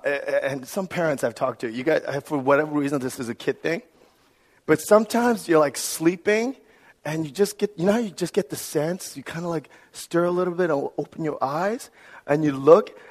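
A man in his thirties preaching a sermon, telling family stories and acting out the voices in them. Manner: storytelling, acts out quoted voices with big pitch jumps. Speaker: pastor.

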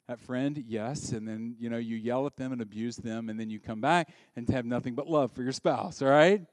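Animated preaching man, dry close sound. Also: medium pitch, normal speed, few pauses, no echo. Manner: animated preaching, swings from soft asides to loud emphatic peaks. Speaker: pastor. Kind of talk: sermon.

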